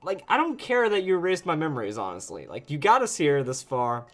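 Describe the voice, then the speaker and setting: A man's voice: fairly high pitch, very animated, brisk. A man giving casual, chatty, jokey commentary while playing a video game. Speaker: let's play host.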